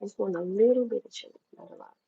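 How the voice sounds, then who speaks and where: A woman's voice: mid-range voice, racing, creaky, mellow, breathy edge, highs cut off. A woman from New York chatting casually to her livestream viewers while cooking at home, rambling and talking straight to them. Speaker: livestream host.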